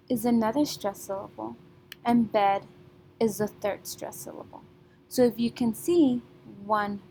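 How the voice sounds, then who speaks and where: Teacher, female, slightly high voice, slow deliberate delivery, faint rumble behind. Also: a little mellow, low-quality recording. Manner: patient, repeats "okay?" often. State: keeps clearing her throat. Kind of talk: remote classroom lesson.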